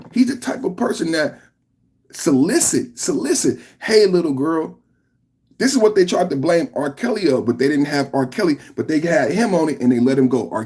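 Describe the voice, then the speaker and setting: A man's voice: on the high side, darkish tone, slightly rough. Man ranting on a live podcast. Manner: heated, repetitive, rhetorical ranting. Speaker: podcast host. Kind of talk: live reaction podcast rant.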